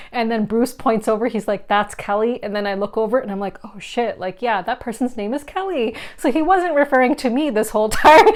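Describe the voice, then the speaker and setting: A young woman telling a funny story to camera, chatty and quick to laugh, with many fillers. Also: a little high. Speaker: board game vlogger.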